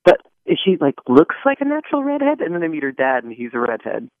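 Animated joking male stage actor. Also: on the high side, fast, no room sound, narrow, tinny audio. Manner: animated, joking, lots of restarts and laughs. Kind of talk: casual interview chat.

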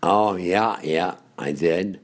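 Old radio guy telling stories, real deep voice, lots of uh's and laughs. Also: takes it slowly. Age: older. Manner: rambling storyteller with frequent uh's and chuckles. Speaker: radio host. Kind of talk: reminiscing interview.

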